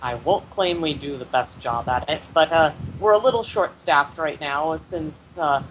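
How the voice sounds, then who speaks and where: A game master voicing a friendly male guild leader who is a proud new father and rambles warmly. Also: mid-range voice, unhurried, a little hiss or hum, natural voice, poor audio.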